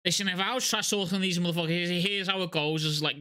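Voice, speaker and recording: Young guy yelling and swearing over a clip, bright voice, keeps cracking jokes. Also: high voice, fast talker. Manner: loud, swearing, excitable banter. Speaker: YouTube reaction host. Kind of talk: profane reaction commentary.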